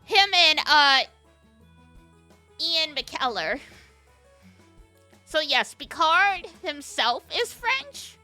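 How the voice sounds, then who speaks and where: A woman's voice: high-pitched, big pitch swings, drawn-out words, long pauses, pushed and bright, faint music behind. A woman game streamer in casual chat, talking to her viewers, laughing often and answering chat as she plays.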